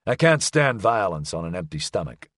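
A man's voice: sits low, sing-song, normal speed, a bit bright, dry recording, voice pushed down, heavily acted. A man voicing a dry, sardonic private detective. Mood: wry. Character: wry unflappable male private detective.

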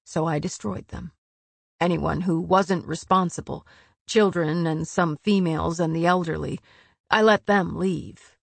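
Woman voicing a winged warrior guy, cold fury, low and intense, takes his time. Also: fairly even intonation, a little slow, creaky, dry recording. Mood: icy fury. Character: fierce winged male warrior, icy controlled fury.

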